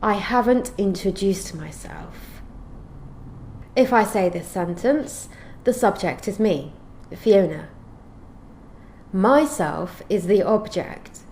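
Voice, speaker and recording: A woman teaching an English grammar lesson, explaining clearly and reading out example sentences in a measured way. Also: medium pitch, animated, a little mellow, a little hiss or hum.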